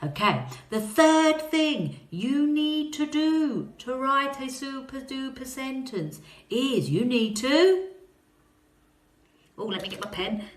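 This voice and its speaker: A woman teaching a phonics lesson to young children, talking in a slow, encouraging way and coaxing them to answer. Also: sits high, expressive, roomy sound.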